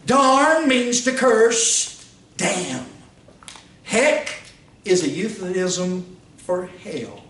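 Pastor, high voice, swoops and shouts, caught from across an echoey church room. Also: male voice, expressive, drawn-out words, long pauses. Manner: rhetorical questions, pitch swings, rises to shouts. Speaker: pastor teaching a Bible institute class. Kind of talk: fiery preaching. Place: church classroom. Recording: roomy, distant mic, faint hiss.

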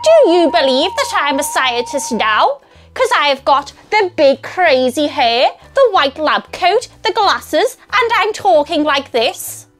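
A woman's voice: high voice, sing-song, slow, soft background music, heavily acted. A woman voicing an eccentric, wild-haired TV scientist with an exaggerated, theatrical delivery. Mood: hammy.

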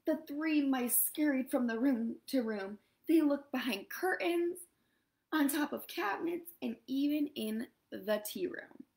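A woman reading a storybook aloud to children, lively and expressive. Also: high voice, measured pace, creaky, rough recording.

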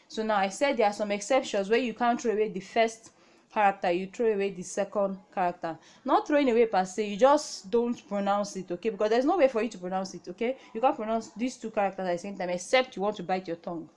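A woman's voice: mid-range voice, darkish tone. A young woman from Nigeria teaching a reading lesson at a whiteboard, patient, repeating each word and checking in with "okay?". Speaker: language teacher.

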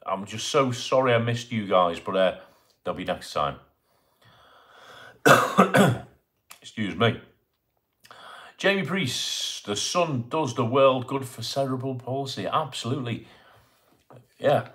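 This middle-aged host talks slowly with long pauses, his medium-pitched voice a bit bright and his intonation lively. He's streaming casually from his Bournemouth home, reading comments and saying hello to viewers by name.

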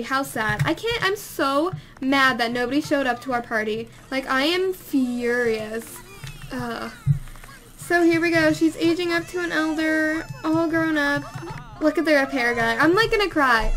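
A woman's voice: high-pitched, lively intonation, moderate pace, fairly bright tone, faint music behind. A young woman chatting casually while playing a life-sim game, exclaiming and scolding the characters. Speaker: let's play host. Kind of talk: casual gameplay commentary.

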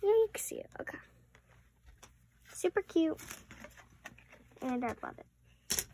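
A woman's voice: very high-pitched, animated, slow pace, warm tone, in a whisper. A preteen girl, rambling through a casual vlog with many apologetic asides. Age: around 11 or 12. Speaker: vlogger.

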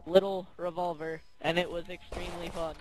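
A man with a very high voice who chats eagerly and rambles, then snaps out quick orders to his co-op partner. His talk is loose and excited. Loud game effects sit right under his voice. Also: background noise. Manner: eager, rambling, gives orders during play. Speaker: co-op gaming partner. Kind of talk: casual let's-play chat.

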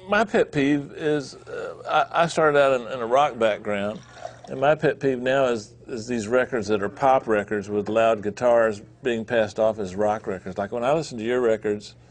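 A man co-hosting an interview, asking a long question in a casual way with restarts. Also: medium pitch. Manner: rambling, searching for words. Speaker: co-host.

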